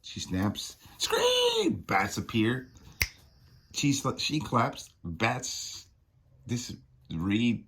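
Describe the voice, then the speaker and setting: A man's voice: lowish voice, expressive, extremely slow, long pauses, fairly bright tone, husky. A man reading a comic aloud and adding joking, casual asides between the lines. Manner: joking asides, trailing off into mumbles. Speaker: comic reader.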